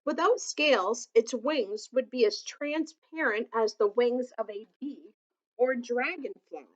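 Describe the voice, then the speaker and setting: A woman reading a children's picture book aloud, gently adding asides that explain things to young listeners. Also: on the high side, unhurried, dull audio.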